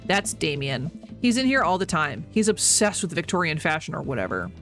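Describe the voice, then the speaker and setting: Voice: mid-range voice, brisk, faint music behind. A streamer doing a bored, sarcastic young cashier. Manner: flat, dismissive, sarcastic. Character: bored, hostile young woman store cashier.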